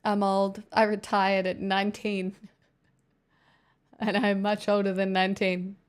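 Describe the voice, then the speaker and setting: A woman's voice: medium pitch, little pitch movement, a little slow, clear, resonant tone. An Australian woman livestreaming, chatting casually and answering viewers' messages with rambling restarts.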